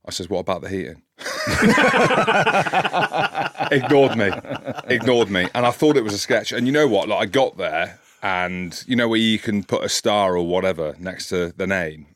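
A man in his forties, a podcast co-host and commentator, telling an animated story in casual chat, his voice rising sharply when he replays an argument. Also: moderate pace, a little hiss or hum. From Scotland. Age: 40s. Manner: animated anecdote, gets loud and high when quoting the argument.

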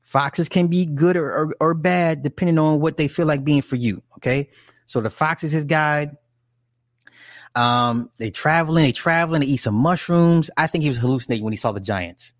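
A man's voice: fairly high pitch, normal speed, dry recording, clean studio sound. A man casually retelling a story in a rambling, profane way, with frequent restarts and asides. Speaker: film recapper. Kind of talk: casual chat.

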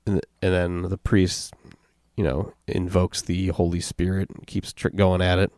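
A man hosting a podcast, retelling a dark story and reading the quoted lines aloud in a steady, matter-of-fact way. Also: low voice, unhurried, dry recording, clean studio sound. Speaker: podcast host.

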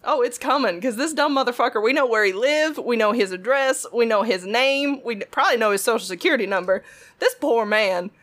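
A woman tells a workplace story in a lively, swear-filled chat. Her voice sits a little high, and she acts out each person's lines with gusto. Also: a little fast. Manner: animated, swears freely, acts out quotes. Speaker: retail worker telling a story.

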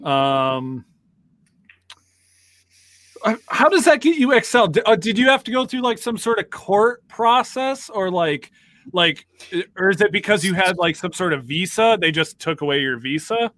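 Teasing man with a higher voice. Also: animated, normal speed, a bit bright, dry recording. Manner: laid-back, teasing, laughs often. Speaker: host asking questions. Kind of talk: casual chat.

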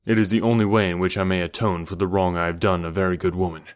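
A man voicing a calm, noble jungle-raised gentleman in an audiobook, speaking in a grave, measured, courteous way. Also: low voice, smooth, pitched below the performer's own voice, lightly acted. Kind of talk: audiobook character reading.

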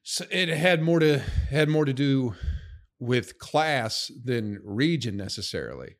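A man co-hosting a casual podcast, his pitch swinging up and down a lot as he talks. He asks curious questions and slips in dry jokes. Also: lively intonation, unhurried. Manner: curious, wry questions and joking asides. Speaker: podcast co-host.

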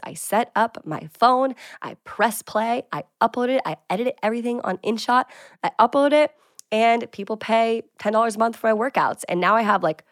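A woman's voice: mid-range voice, fairly bright tone, dry recording, studio quality. A woman in her twenties hosting her own show, chatting casually and upbeat through business tips, with lots of filler words. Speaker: fitness creator and show host.

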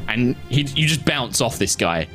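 A man's voice: medium pitch, lively intonation, moderate pace, fairly bright tone, faint music behind. A man narrating as game master for a tabletop game, laughing often and slipping into character voices.

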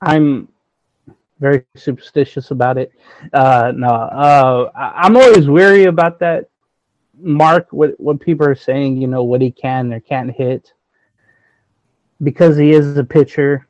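A man's voice: medium pitch, steady tone, measured pace, no echo, poor audio. A man co-hosting a casual baseball podcast who talks hesitantly, thinking aloud with many fillers. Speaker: sports podcast co-host.

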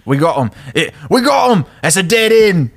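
A man putting on a gruff British cop. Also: sits high, sing-song, moderate pace, dry recording, clean studio sound, pitched above the performer's own voice, exaggerated voice. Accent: British, drifting Scottish. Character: male British police officer, gruff.

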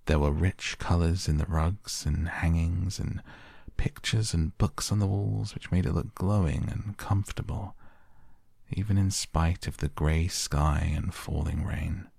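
A man narrating a classic novel softly and calmly as a bedtime story. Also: sits low, a little slow, vocal fry, slightly rough, no echo, studio quality. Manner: gentle, calm. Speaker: audiobook narrator. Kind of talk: soft bedtime story reading.

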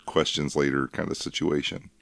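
A man with a very low voice trades deadpan, wry remarks in casual podcast chat. The recording is dry and close, with no room sound. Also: normal speed, vocal fry, no room sound. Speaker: podcast co-host.

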